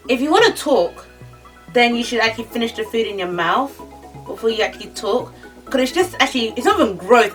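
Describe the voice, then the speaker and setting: A young woman ranting in a casual vlog, exasperated and animated. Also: fairly high pitch, recorded from a distance, poor audio. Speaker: vlogger.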